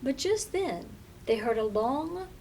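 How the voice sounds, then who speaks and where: A woman reads a picture book aloud to children, her high voice rising and falling with lively expression. She takes it slowly, holding dramatic pauses before each turn of the story. A faint hiss sits under the recording. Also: low-quality recording. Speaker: librarian reading to children.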